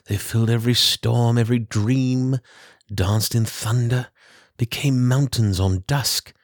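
A man's voice: medium pitch, fairly even intonation, measured pace, no echo, studio quality. A man voicing a weeping hooded boogeyman. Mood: sorrowful.

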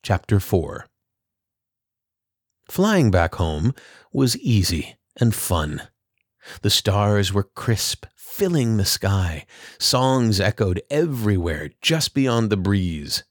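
A man reads a children's storybook aloud in a calm, measured way. His voice is fairly low and he takes his time over every phrase. The recording is dry and close, with no room sound. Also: no room sound. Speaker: narrator. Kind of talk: storybook reading.

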